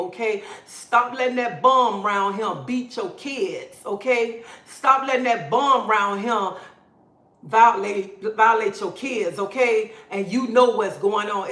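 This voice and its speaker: A fiery woman rants on a phone livestream as its host, her medium-pitched voice a bit bright and echoing around the room. Her impassioned delivery is preachy and blunt.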